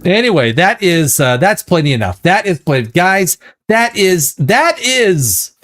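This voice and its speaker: A man hosts a loose pop-culture commentary show, his somewhat high voice very lively yet unhurried. He rambles, restarts his sentences, and slides into profane rants.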